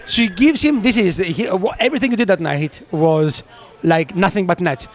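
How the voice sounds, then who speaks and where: A man's voice: sits high, normal speed, crowd noise. A man co-hosting a podcast, telling a story in casual chat, acting out the other people's lines and laughing often. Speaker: podcast co-host.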